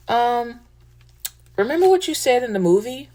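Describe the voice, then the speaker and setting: A woman's voice: fairly high pitch, big pitch swings, moderate pace, long pauses, warm tone. A woman hosting a casual monologue, speaking emotionally and emphatically, repeating herself and swearing casually. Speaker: host.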